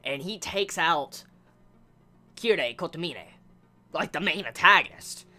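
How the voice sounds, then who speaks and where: A young man rambles through an anime episode review, excited and profane, tripping over repeated words as he goes. His pitch swings widely and his tone is bright and forceful. Faint music plays underneath. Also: a little slow. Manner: excitable, swears a lot, stammers and repeats words. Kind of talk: casual unscripted review.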